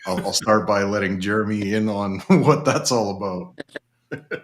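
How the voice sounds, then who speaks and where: A man with a very low, deep voice hosts a casual podcast chat. He talks in an easygoing way, pausing often with fillers as he gathers his thoughts. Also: a little hiss or hum. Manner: relaxed, hesitant, many fillers. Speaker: podcast host.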